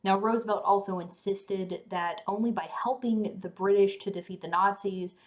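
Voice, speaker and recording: A woman's voice: mid-range voice, steady tone, normal speed. A woman giving a history lecture in a casual, conversational way, tired and yawning now and then. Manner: casual, conversational, says you know and um. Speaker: teacher. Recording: dull lo-fi recording.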